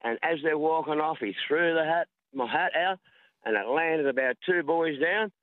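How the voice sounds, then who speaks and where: A man's voice: fairly high pitch, moderate pace, no room sound. An older Australian man calling in to a radio show, chatty and rambling as he tells a story while walking in a park. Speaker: caller. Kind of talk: casual phone-in chat. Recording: tinny phone line.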